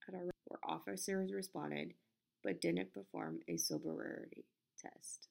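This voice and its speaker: A woman's voice: on the low side, steady tone, measured pace, creaky, darkish tone. A woman hosting a casual podcast, stumbling over her words, correcting herself and apologizing into a desk microphone. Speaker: podcast host. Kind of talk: casual podcast narration with outtakes.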